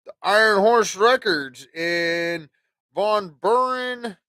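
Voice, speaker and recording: A podcast host on a casual livestream rambles, swears freely, and acts out conversations. His high voice has a sharp tone with no echo, and he takes it slowly.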